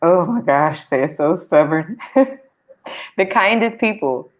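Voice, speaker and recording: A woman's voice: fairly low pitch, expressive, slow. A middle-aged woman and mother of several, co-hosting a casual chat in a frank, laughing way. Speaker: co-host.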